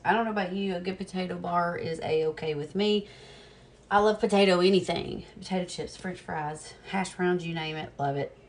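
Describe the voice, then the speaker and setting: Prepping meals in her home kitchen, a woman with a voice on the low side chats casually to the camera, talking to herself and laughing at her own slip-ups. There's slight background noise in this casual cooking vlog.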